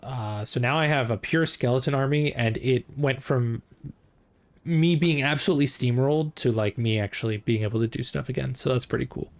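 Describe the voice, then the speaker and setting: A man's voice: mid-range voice, fairly quick. A man streaming a game, chatting with viewers in a laid-back, casual way while he plays. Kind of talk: casual gameplay commentary.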